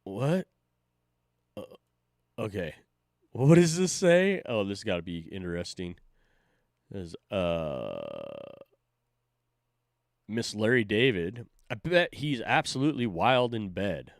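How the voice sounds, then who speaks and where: A man's voice: on the low side, big pitch swings, slow, pauses often, no room sound, studio quality. A man hosting a stream, reacting to clips with loose, sarcastic, swearing commentary. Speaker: stream host.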